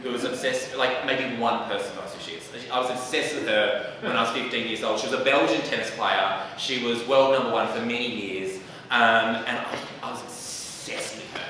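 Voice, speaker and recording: A man's voice: medium pitch, moderate pace, sharp tone, slight background noise. A young Australian man doing stand-up, telling self-mocking stories with lots of ums and a sassy edge, live on a theatre stage. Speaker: stand-up comedian. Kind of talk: stand-up storytelling. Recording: echoey hall, mic from far off.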